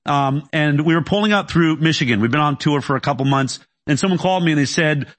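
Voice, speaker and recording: A man speaks as a guest in a conversation, recounting events in a quick, emphatic storytelling manner. His voice sits somewhat high for a man. He slips into the dialogue he retells and often restarts his sentences. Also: a bit bright. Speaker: interview guest.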